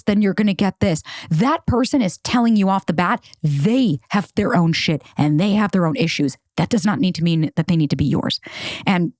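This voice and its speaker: A woman's voice: medium pitch, a little mellow, no echo, clean studio sound. A woman in her thirties hosting a solo podcast, telling a personal story in a casual, candid way, swearing freely and acting out text messages. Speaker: podcast host.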